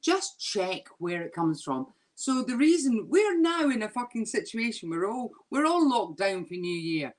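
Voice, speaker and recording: A woman's voice: mid-range voice, very animated, unhurried, few pauses, a little mellow. A woman comedian ranting and swearing in a drunken comedy chat over a video call. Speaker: comedian guest.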